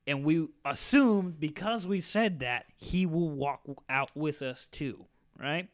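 Give me a lively young man telling a story to friends, cursing freely and doing everyone's voices. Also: fairly high pitch, unhurried, few pauses. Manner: animated, profane, acts out quoted voices. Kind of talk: casual storytelling.

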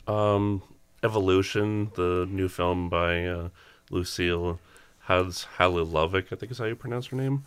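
A man on a film podcast, describing films in a measured way with frequent ums. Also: deep voice, smooth. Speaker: podcast co-host. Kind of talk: casual chat.

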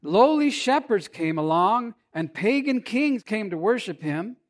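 A man preaching a sermon, swinging between emphatic loud lines and hushed, quiet passages. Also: high voice, very animated, measured pace. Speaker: pastor.

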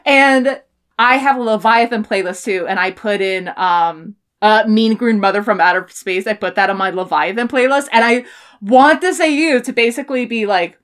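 A woman's voice: fairly high pitch, normal speed, fairly bright tone. A young woman co-hosting a podcast, chatting casually, laughing often and swearing freely. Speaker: podcast co-host. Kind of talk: casual chat.

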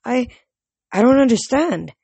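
A nervous young male satyr from a storybook pleads in a high, shaky voice, read by a woman. The sound is close and dry, with no room around it. He sounds anxious and desperate throughout. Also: animated, measured pace, vocal fry, dark tone, breathy edge, no room sound, heavily acted. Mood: distraught.

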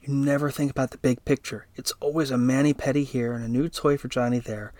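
A man voicing an irritated husband who scolds his wife about money in a sharp, accusing tone. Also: medium pitch, fairly even intonation, brisk, no room sound, natural voice. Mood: angry.

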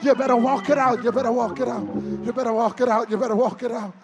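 High-voiced man preaching in sing-song waves. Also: fairly even intonation, fast talker. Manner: sing-song call-and-response preaching, swells to shouts then drops to near murmurs. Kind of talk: sermon. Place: church sanctuary with congregation.

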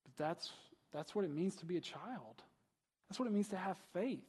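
Husky male pastor preaching in a hall. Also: high voice, expressive, normal speed, a little mellow. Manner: conversational preaching, asks rhetorical questions, frequent "right?". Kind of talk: sermon.

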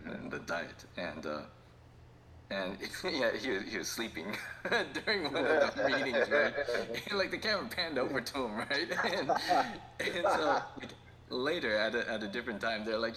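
A man's voice: mid-range voice, animated, normal speed, pushed and bright, slight background noise. A man co-hosting a podcast in casual chat, rambling and laughing often as he tells stories. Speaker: podcast co-host.

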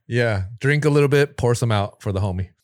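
Podcast cohost lady with a super low voice, jokey slangy banter, dry close mic. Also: brisk, no room sound. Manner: playful, slangy banter, jokes and teasing. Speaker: podcast co-host. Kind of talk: casual podcast chat.

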